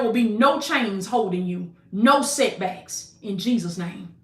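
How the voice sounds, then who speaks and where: A woman with a Southern US accent and a medium-pitched, expressive voice speaks unhurriedly in an echoey room. A motivational preacher and coach, she delivers prophetic declarations and a livestream pitch, repeating lines, calling her viewers baby, and decreeing things in Jesus' name.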